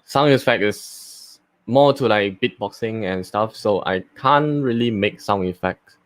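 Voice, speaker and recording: A man who does voice work talks slowly through his methods, halting often with fillers and restarts. His voice sits a little low, and the sound is dry and close. He keeps it casual, as in a live chat. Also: no echo. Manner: unhurried, with many fillers and restarts. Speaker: voice actor. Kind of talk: casual live talk and voice demo.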